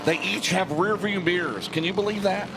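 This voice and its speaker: Booth race caller, male, talkative and joking, somewhat raised pitch, light car noise underneath. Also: normal speed. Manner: chatty, laughs often, jokes with co-host. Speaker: booth commentator. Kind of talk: casual race commentary. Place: announcers' booth at a dirt track.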